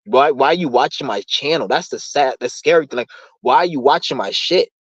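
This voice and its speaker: A man's voice: fairly high pitch, big pitch swings, brisk, vocal fry, husky, no echo, highs cut off. A young man hosting his own channel, ranting in a heated, profane, rambling way. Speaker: channel host. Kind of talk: casual rant on a live stream.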